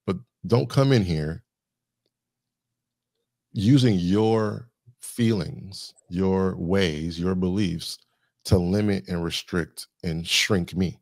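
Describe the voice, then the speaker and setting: A man's voice: deep voice, slow pace, creaky, darkish tone, dry recording, studio quality. A man talking as a guest on a podcast, reflective and thoughtful, working through ideas with lists and examples. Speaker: guest, communication specialist.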